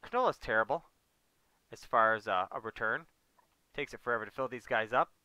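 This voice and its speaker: A man with a mid-range, bright, forceful voice speaks briskly on a dry recording while livestreaming a farming game. He chats casually with his viewers and co-players as he plays, breaking into mild, exasperated grumbles now and then.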